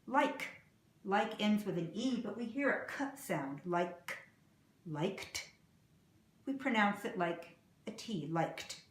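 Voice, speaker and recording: A woman teaching English pronunciation, saying example words slowly and clearly and repeating them. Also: mid-range voice, expressive, reverberant. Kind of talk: slow, deliberate pronunciation lesson.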